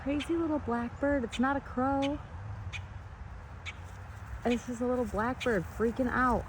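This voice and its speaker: A woman vlogging outdoors in her backyard, talking to the camera and coaxing a bird in a high sing-song voice. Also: fairly even intonation, unhurried, long pauses, slight background noise.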